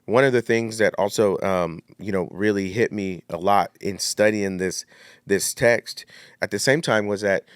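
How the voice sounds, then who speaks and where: A man, a pastor, chatting casually on a podcast and retelling a story in relaxed slang. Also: on the low side, moderate pace, clear, resonant tone, no echo, studio quality.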